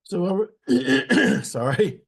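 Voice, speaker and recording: A man teaching a step-by-step software tutorial. He repeats each step aloud patiently and keeps clearing his throat. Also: sits high, expressive, takes it slowly. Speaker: instructor.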